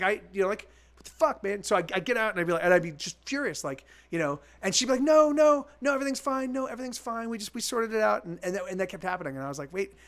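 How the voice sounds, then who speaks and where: A man's voice: sits high, fairly bright tone. A man in his forties, a musician chatting casually with his stream viewers, rambling with lots of restarts and swearing freely. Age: 40s. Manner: rambling, full of restarts and repeats.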